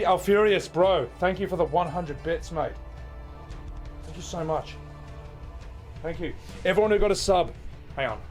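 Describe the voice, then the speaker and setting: A man's voice: medium pitch, moderate pace, pauses often, soft background music. A man in his thirties chatting casually and animatedly on a live game stream, laughing often. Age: 30s.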